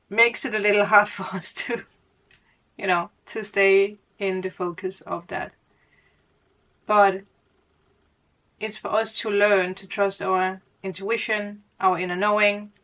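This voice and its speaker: A woman's voice: medium pitch, a bit bright, highs cut off. A woman giving a casual spiritual reading as a tarot reader, rambling, laughing often and correcting her own words. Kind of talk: casual spiritual guidance monologue.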